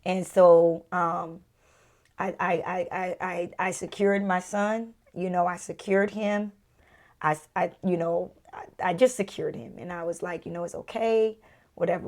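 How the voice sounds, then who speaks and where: A woman's voice: fairly low pitch, moderate pace. A woman in her thirties shares a painful chapter of her marriage on a podcast she co-hosts. She talks candidly and emotionally. At the tender moments her voice falls almost to a whisper. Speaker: podcast co-host. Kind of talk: candid personal storytelling.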